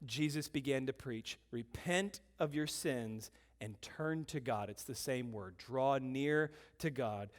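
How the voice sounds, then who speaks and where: A man in his thirties, a pastor preaching a sermon and telling family stories with animated, swinging delivery. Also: a little high. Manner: animated storytelling, swings from loud bursts to quiet intensity. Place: church.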